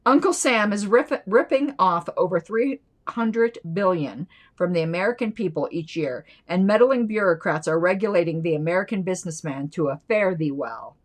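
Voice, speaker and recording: Lively chatty woman reading with asides. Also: on the low side, moderate pace, few pauses. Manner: chatty and playful, drifting into side remarks. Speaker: political commentary channel host. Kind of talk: reading an old newsletter aloud with casual asides.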